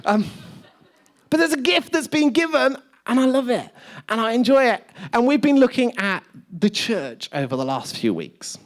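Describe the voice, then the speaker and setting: A man's voice: very high voice, big pitch swings, normal speed. Male pastor, sermon with humorous asides, self-mocking storyteller, in a church service. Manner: chatty, self-deprecating storytelling. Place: church service with live audience.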